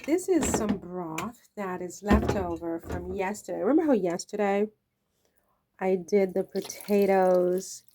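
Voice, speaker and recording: A woman's voice: mid-range voice, warm tone, a little hiss or hum. A woman chatting casually to the camera while she cooks in her home kitchen, playful and rambling, laughing at her own jokes. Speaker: cooking vlogger. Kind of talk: casual cooking chat to camera.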